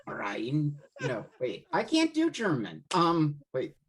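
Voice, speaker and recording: A guest on a relaxed online comedy hangout reads out a list of entries. The delivery is hesitant, with frequent pauses and filler words between items. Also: mid-range voice, a little hiss or hum. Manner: hesitant, fills pauses with um and wait. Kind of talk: casual group video chat.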